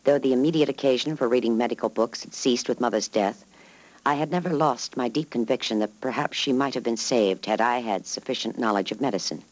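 A man reading a first-person memoir aloud as a narrator, in a measured, even way. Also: medium pitch, dry recording, poor audio. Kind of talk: scripted narration.

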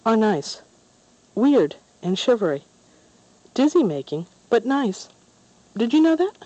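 A woman's voice: a little high, big pitch swings, takes it slowly, mellow, no room sound, voice pushed up, heavily acted, rough recording. A woman voicing a curious, matter-of-fact young girl in a storybook reading. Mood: chatty.

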